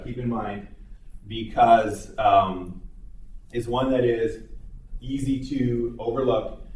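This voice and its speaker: Here a male psychology instructor explains material to his class casually, with a filler word now and then. His voice is mid-range, and a slight hiss or hum runs through the audio. It was captured at a distance in an echoey room.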